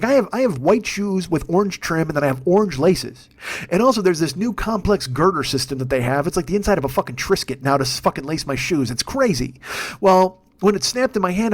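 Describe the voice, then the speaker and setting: A man telling a long comic story in a profane, rambling, animated way, as a podcast host. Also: high-pitched. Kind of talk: comedic storytelling monologue.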